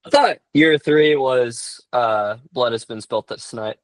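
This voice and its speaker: A man's voice: mid-range voice, takes it slowly. A man on a podcast panel, chatting casually and teasing the others.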